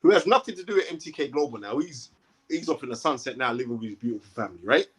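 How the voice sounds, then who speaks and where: A man's voice: medium pitch, expressive, fast talker, a bit bright, husky. Guy going on emphatically in an interview, keeps saying right?. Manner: emphatic, repetitive, asks "right?" often. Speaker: boxing commentator, guest. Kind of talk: animated interview talk.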